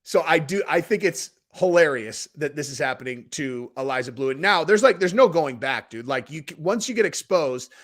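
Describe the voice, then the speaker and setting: A man hosting a casual reaction show, talking in a rambling, animated way and saying "dude" often. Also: a little high, normal speed, hardly any pauses. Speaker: host reacting to a video.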